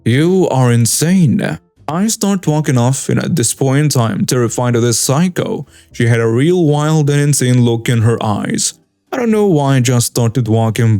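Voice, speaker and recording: A young man narrating a first-person story in an earnest, steady reading tone. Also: medium pitch, clean tone, dry recording.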